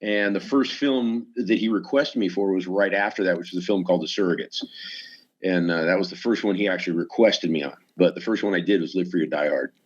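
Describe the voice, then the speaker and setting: A man's voice: sits low, fairly quick, dull audio. A man who works as a stuntman, a podcast guest telling casual stories and acting out the quoted lines in them. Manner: animated, acts out quoted dialogue in the story.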